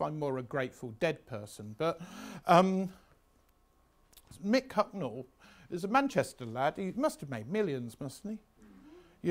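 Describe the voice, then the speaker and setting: A man in his sixties giving a revision lecture, chatty, anecdotal and self-mocking. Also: fairly high pitch. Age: 60s.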